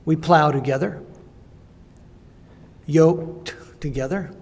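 An older man delivers a sermon as a missionary preacher, his voice husky and mellow yet fairly high for a man. He tells stories in a halting, reflective way, and a long hall reverb trails each phrase.

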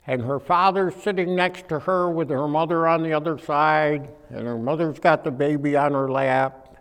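A man preaching a humorous storytelling sermon, animated, acting out voices and swinging from quiet to loud. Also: on the high side, moderate pace, clear, resonant tone. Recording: echoey hall.

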